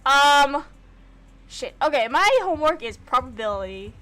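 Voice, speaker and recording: Excitable young woman streaming a game. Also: high-pitched, moderate pace. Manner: excitable, gushing, swears freely. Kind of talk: casual gameplay commentary.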